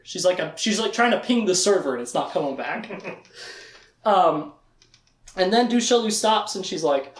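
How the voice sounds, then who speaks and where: A man's voice: high voice, very animated, unhurried. A man giving a casual lecture that recaps a book series, chatty and joking, laughing often and leaning on "like.". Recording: echoey room.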